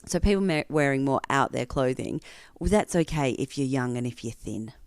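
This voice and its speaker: A woman hosting a podcast, asking thoughtful questions and giving many soft affirmations in a casual interview. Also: a bass voice, animated, normal speed, clean tone, no echo, studio quality. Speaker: podcast host.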